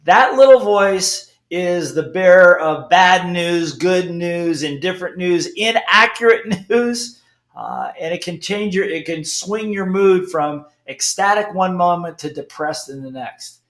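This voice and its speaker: Animated, emphatic middle-aged man in an echoey room. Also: sits high, measured pace. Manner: emphatic, animated, frequent "okay?" checks. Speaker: speaker. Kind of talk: motivational talk.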